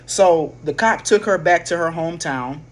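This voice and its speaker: A man's voice: a little high, moderate pace. A man casually telling a personal story, rambling with slang, swearing and frequent restarts. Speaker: vlogger.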